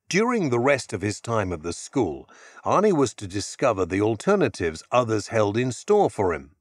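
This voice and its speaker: This audiobook narrator has a mid-range voice and tells the story in a measured, expressive way. The sound is clean and studio-dry.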